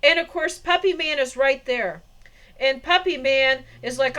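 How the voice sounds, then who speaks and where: A woman's voice: sits high, unhurried, pushed and bright. A woman vlogger telling a long, meandering story in a casual monologue, with frequent laughs. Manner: rambling, meandering, laughs often.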